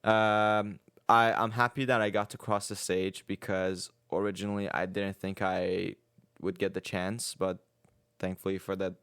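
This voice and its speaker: A young man co-hosting a podcast, talking in a relaxed, rambling way with many fillers. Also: deep voice, unhurried, clear, resonant tone, no echo, clean studio sound. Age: young adult. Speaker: podcast co-host. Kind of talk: casual chat.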